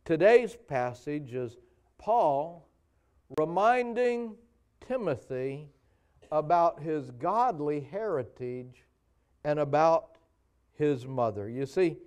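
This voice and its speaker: A pastor preaching and praying before his congregation in a church, with an earnest, halting delivery and frequent pauses. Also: on the high side, expressive, a little mellow, clear, resonant tone. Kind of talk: sermon. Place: church sanctuary.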